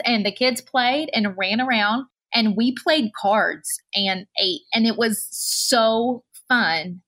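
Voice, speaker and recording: A woman hosts a relaxed conversation in an earnest, encouraging way. Her speech is loose and casual, full of little fillers as she works through her thoughts. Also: on the high side, takes it slowly, hardly any pauses. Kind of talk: casual chat.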